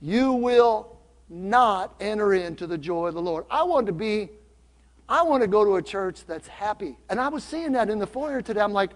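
A high-pitched man preaches with an upbeat, teasing warmth toward his congregation. His voice rings through a church sanctuary with a long, lingering reverb. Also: animated, moderate pace. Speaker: pastor. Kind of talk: sermon.

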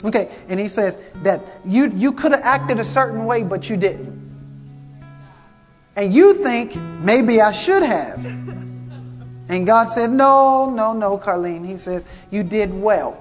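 A man's voice: sits high, unhurried. A man preaching a prophetic sermon, fervent and repetitive, calling out to the congregation. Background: guitar music.

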